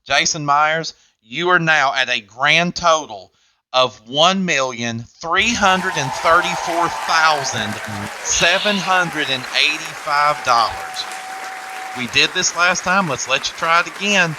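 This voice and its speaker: A man's voice: on the high side, slow, a crowd in the background, noisy background. A man hosting a game show, with upbeat, jokey patter.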